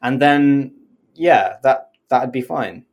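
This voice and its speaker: A woman's voice: rumbling low, lively intonation, slow pace, darkish tone. A woman co-hosting a podcast, explaining the rules in casual chat, often laughing and now and then swearing. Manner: chatty, swears, laughs while explaining, puts on silly accents for single words. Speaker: podcast co-host.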